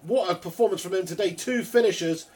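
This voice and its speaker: A man's voice: high-pitched, fast, a little mellow. A man hosting a casual football watch-along stream, joking around and reading viewer comments aloud. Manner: jokey, laddish, reads viewer comments aloud. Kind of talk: casual live match commentary and banter.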